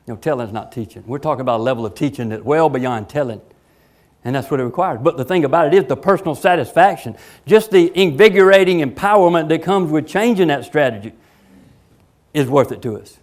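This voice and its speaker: A man's voice: on the high side, quick pace. A man giving a workshop talk to college faculty, emphatic and rhetorical, acting out quoted voices and firing repeated questions at his audience. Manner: animated, acts out quoted voices. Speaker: faculty development speaker.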